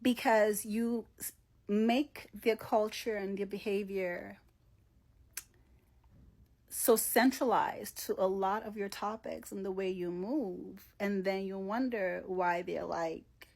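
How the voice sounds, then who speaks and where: Gravelly woman scolding her viewers. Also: mid-range voice, fairly even intonation, slow pace, darkish tone. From Nigeria. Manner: opinionated, scolding, with sighs and laughs. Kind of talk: commentary video.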